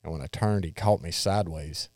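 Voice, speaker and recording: A man's voice: deep voice, brisk, darkish tone, dry recording, studio quality. A man telling rodeo stories in a plainspoken, drawling way, swearing casually. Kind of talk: casual storytelling chat.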